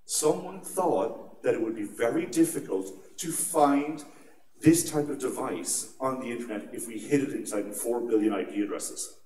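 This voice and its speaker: A man's voice: medium pitch, moderate pace, mellow, a little hiss or hum. Irish man telling stories in an echoey hall. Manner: chatty storyteller, laughs at his own stories. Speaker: conference speaker on security. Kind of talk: conference talk with personal anecdotes. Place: large atrium at a conference. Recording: echoey hall picked up from a distance.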